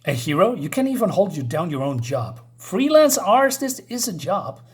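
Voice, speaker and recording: Skeptical young woman photographer from a comic, read by a man, sharp and scolding, slightly high voice. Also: sing-song, normal speed.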